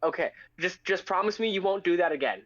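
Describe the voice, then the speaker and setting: A man's voice: high voice, expressive, quick pace, a bit bright, dry recording, muffled recording. A young man co-hosting a podcast in casual chat, often stumbling and restarting his sentences. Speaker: podcast co-host.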